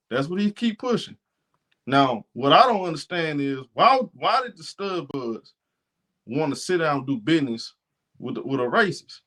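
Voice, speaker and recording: A man's voice: on the high side, fairly bright tone. Blunt indignant man hosting a sports show. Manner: blunt, indignant, repeats himself. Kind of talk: opinionated sports commentary.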